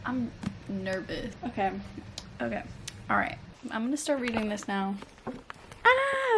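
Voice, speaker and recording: A young woman vlogging about a book series in a casual, animated way, swearing often and saying "like" constantly. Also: a little high. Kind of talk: casual reading vlog. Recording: faint background noise.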